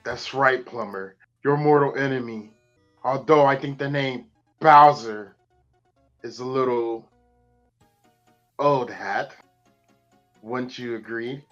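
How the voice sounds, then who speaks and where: A man's voice: mid-range voice, slow pace, long pauses, lo-fi sound, soft background music. Bowsette, a man reading as a sultry Koopa queen. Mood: teasing. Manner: deadpan, flat delivery in his normal voice. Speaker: guest reader.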